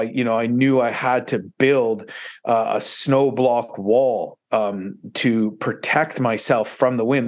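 A man, a podcast guest, tells a story casually in a rambling way and often restarts his sentences. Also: medium pitch. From Canada. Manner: rambling, many fillers and restarts, animated retelling.

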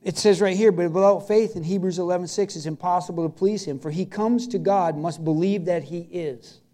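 Male pastor, very high voice, chatty and emphatic sermon storytelling. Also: brisk, mellow. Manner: storytelling preacher, emphatic and conversational.

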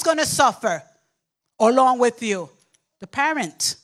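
An older woman pastor preaching a sermon with emphatic call-and-response to the congregation, sometimes acting out babbling toddlers. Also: slow pace. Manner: acts out babbling toddlers in a squeaky voice.

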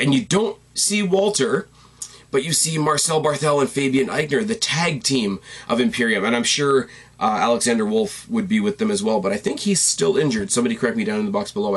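A man with a slightly husky voice talks through a recap in a loose, rambling way. He gets excited, trips over his words and corrects himself as he goes. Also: medium pitch. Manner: rambling, enthusiastic, self-correcting. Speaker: wrestling commentator. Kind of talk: casual recap commentary.

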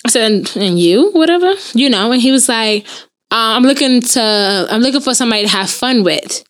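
Animated, swearing woman telling a story. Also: fairly high pitch, a little fast. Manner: animated, profane storytelling that acts out both sides of a dialogue. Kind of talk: casual podcast chat.

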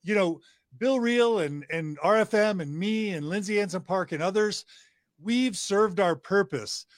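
A man's voice: high-pitched, measured pace, dry recording, studio quality. A middle-aged man, a podcast guest, talking with passion and piling up emphatic lists of praise. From United States. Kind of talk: enthusiastic interview talk.

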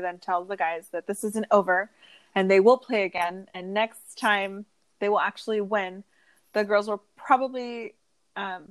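A woman's voice: medium pitch, rough recording. Laughing woman recapping an episode. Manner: laughs often, animated storytelling. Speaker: podcast host. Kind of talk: casual chat and episode recap.

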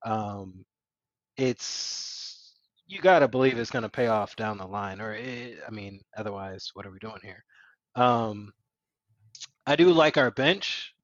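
A man talks about basketball with a lively, up-and-down pitch and lots of hesitant fillers. His voice comes through a dull, lo-fi, dry remote recording. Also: a little slow, no room sound. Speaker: podcast co-host. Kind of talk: casual sports chat.

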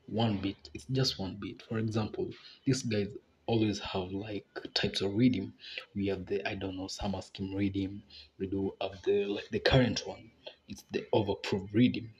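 A man's voice: on the low side, slightly rough. A young man hosting a casual podcast, talking in a laid-back, rambling way with frequent laughs. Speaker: podcast host.

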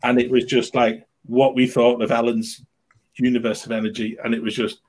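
A man's voice: mid-range voice, flat delivery, normal speed, a little mellow. A man co-hosting a casual group chat, rambling and correcting himself as he talks. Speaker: podcast co-host.

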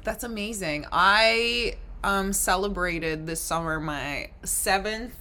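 A woman's voice: mid-range voice, slow, bright, forceful tone. A woman in her thirties co-hosting a casual podcast chat, joking with edgy banter. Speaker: podcast co-host.

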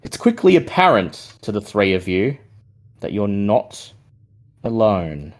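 A man narrating a tabletop horror game as game master, in slow, measured description. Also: lowish voice, very animated.

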